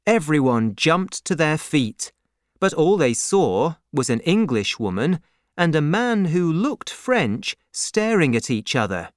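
Brief: low-voiced woman narrator, slow and lively in pitch, dry close sound, audiobook. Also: no echo. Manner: measured, clear reading.

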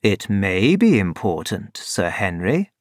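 A man voicing a calm, shrewd middle-aged detective in a storybook reading, low and measured. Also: no room sound, clean studio sound, heavily acted. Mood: probing.

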